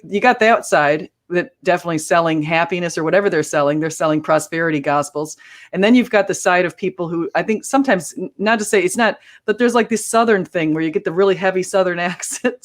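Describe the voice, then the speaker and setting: A high-voiced man who runs a Christian channel talks earnestly in a casual panel chat, occasionally mimicking preachers.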